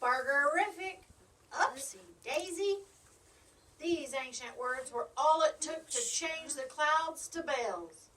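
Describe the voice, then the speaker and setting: A woman reading a rhyming picture book aloud in a sing-song, animated way, in a school library. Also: high-pitched, slow, hardly any pauses. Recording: distant mic.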